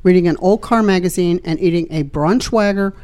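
A woman's voice: on the low side, a little fast, a little mellow. A woman co-hosting a casual chat show, telling easygoing, folksy family stories. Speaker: co-host.

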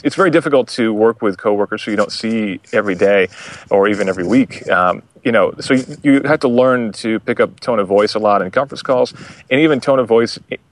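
A man talking calmly and thoughtfully in casual conversation, with frequent fillers. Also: medium pitch. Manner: calm, reflective, many fillers.

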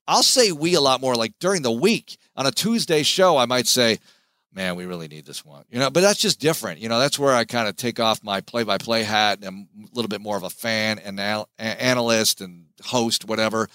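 A man, a sports play-by-play announcer, giving an animated, emphatic interview as a podcast guest. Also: mid-range voice, fairly quick, few pauses, no echo.

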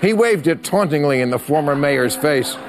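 Here the late-night host's voice is a little high, his intonation lively and his speed normal as he works through a snappy comedy monologue and chuckles at his own lines. A live audience fills the television studio behind him, and its noise and the room's sound are audible.

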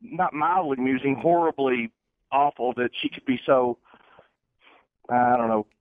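A man's voice: medium pitch, measured pace, no echo. A man calling in to a radio show, sounding indignant. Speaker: caller. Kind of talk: phone-in call. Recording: phone line.

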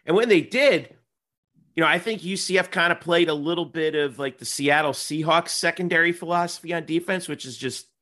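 A man co-hosting a casual sports podcast, talking haltingly with many fillers and restarts. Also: on the high side, sharp tone.

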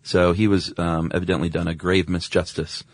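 A man co-hosting a podcast, talking in a relaxed, conversational way with plenty of fillers. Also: low-pitched, moderate pace, no echo. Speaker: podcast co-host. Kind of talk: casual chat.

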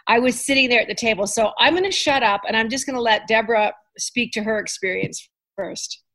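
A woman's voice: a little high, brisk, fairly bright tone. Chatty, self-mocking woman host. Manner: chatty, self-deprecating, joking. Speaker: podcast host. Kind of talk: casual interview chat.

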